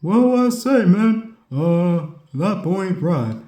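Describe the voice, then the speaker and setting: A man voicing a drawling middle-aged propane salesman, speaking slowly with pauses. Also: high-pitched, very animated, mellow, voice pushed up, full character voice. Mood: folksy. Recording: roomy echo.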